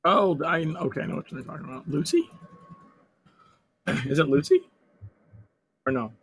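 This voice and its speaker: A hoarse man with a sore throat, chatting and swearing excitedly while playing an online game with friends. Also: a little high, normal speed, a little hiss or hum. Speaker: fellow player. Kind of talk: casual gaming chat.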